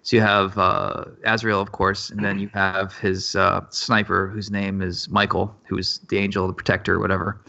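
A man in a casual podcast chat, talking about his comic in a relaxed, rambling way with fillers. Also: low voice, normal speed, creaky, hardly any pauses. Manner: laid-back, rambling with fillers and laughs. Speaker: comic creator guest. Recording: dull lo-fi podcast audio.

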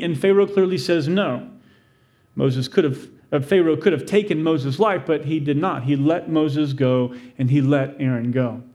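A man's voice: a little high, a little mellow. A male pastor preaching a sermon, telling the story with animation and acting out the quoted voices.

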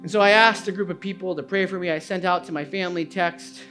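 A male pastor preaching a sermon, moving from quiet personal confession to loud, impassioned preaching. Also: sits high, fairly even intonation, fast, soft background music. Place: church sanctuary.

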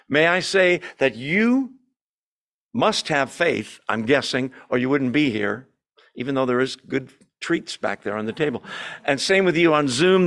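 A man with a fairly high voice leads a Bible study for a small group in a church room. His teaching is conversational and lively. He keeps asking the group questions and slips in dry humor. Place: church meeting room with a Zoom audience.

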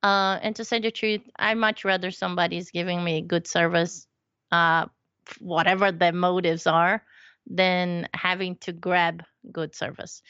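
A woman with a fairly low, clear, resonant voice talks at a measured pace as a podcast guest, animatedly and playfully telling stories in a casual conversation and imitating the voices of the people she quotes. The sound is a little dull and lo-fi, with a dry, close feel and no room sound.

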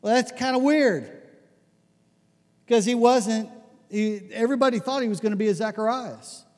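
A man preaching a conversational sermon, telling stories with lots of restarts and animated asides. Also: very high-pitched, normal speed, in a large hall. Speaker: pastor.

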